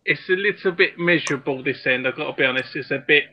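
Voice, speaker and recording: A man's voice: fairly high pitch, fast, breathy edge, dull audio. A man chatting casually, chipping in with easygoing remarks. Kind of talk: casual chat.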